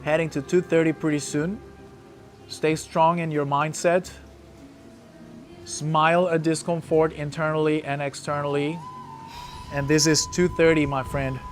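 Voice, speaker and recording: A man's voice: a little high, flat delivery, measured pace, long pauses, faint music behind. A man coaching a breath-hold session, encouraging the group and calling out hold times.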